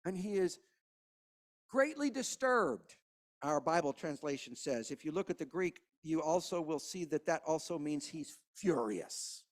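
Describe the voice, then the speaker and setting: Male pastor, passionate sermon, soft passages and strong emphasis. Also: a little high, expressive, unhurried. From Kentucky. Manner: impassioned, swings from hushed to rising emphasis.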